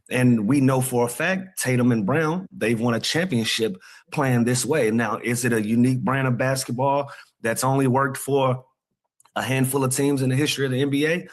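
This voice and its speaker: Male sports radio analyst, mid-pitched, calm and measured. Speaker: radio co-host.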